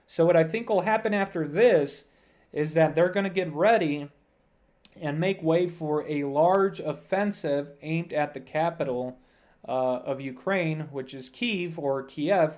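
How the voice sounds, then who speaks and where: A man's voice: fairly high pitch, a little mellow. A man giving casual news commentary to his viewers over a map, talking loosely with many "uh" fillers and calling the audience "guys".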